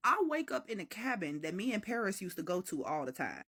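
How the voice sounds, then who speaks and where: A woman from the Chicago area telling a dramatic story in a casual storytime vlog, animated and swearing freely. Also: fairly low pitch, brisk, husky. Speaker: storyteller vlogger.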